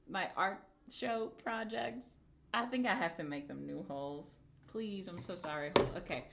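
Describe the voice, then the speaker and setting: A woman's voice: fairly low pitch, animated, normal speed, vocal fry, a little hiss or hum. A young adult woman streaming live, muttering, swearing and chatting with viewers while she works on a craft project. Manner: muttering and self-deprecating, swears, talks to chat while working. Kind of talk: casual livestream crafting chatter.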